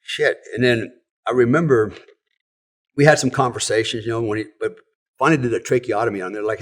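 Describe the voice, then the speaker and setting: A man's voice: fairly low pitch, fast talker, fairly bright tone. A middle-aged American man, a former special forces operator, telling a personal story in casual conversation, frank and profane, with many "you know"s and "right?"s.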